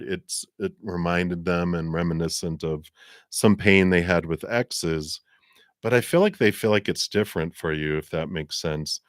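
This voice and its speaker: Man, very low voice, dry close sound, rambling tarot reader, casual with lots of fillers. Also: dry recording. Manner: rambling, conversational, many fillers. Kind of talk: live tarot and astrology reading.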